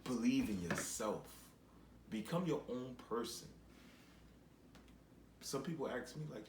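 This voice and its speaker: A man's voice: on the low side, sing-song, unhurried, long pauses, reverberant, background noise. A man giving a rambling, preachy commentary monologue while sitting in a chair at home. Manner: rambling and preachy, with repeated phrases. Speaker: vlogger.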